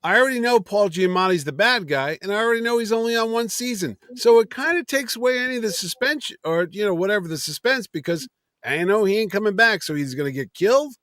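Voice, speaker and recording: A man's voice: high voice, expressive, fast talker, fairly bright tone, dry recording, clean studio sound. A man co-hosting a casual fan chat, blunt and skeptical, with wisecracks. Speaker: podcast co-host.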